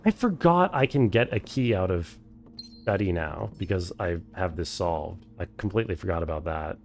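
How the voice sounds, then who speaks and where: Streaming a game for the first time, a man with a low voice and lively intonation talks at a normal speed. He thinks aloud, swears freely, and chats with viewers in casual live-stream commentary, with a little hiss or hum in the recording.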